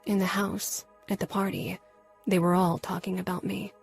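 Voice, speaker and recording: Female audiobook narrator, first-person, soft and measured, husky, a touch low. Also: level tone, soft background music.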